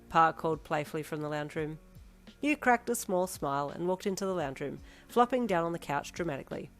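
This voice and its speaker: A woman's voice: low-pitched, fast, faint music behind. A woman narrating a second-person fanfiction story and chatting to viewers at the end.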